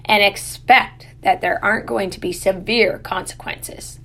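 A woman's voice: medium pitch, fairly even intonation, a little slow, a bit bright. A woman reading a stern older great-aunt. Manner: firm, scolding.

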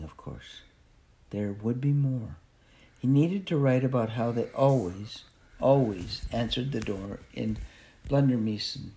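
A man narrating a children's novel aloud in an expressive, unhurried way. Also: medium pitch. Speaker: audiobook narrator. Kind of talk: storybook narration.

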